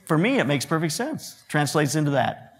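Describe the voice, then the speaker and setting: With a voice on the high side that swings widely in pitch, a photographer-director giving a guest lecture spins joking anecdotes about his photography, acting out what people told him, at a moderate pace.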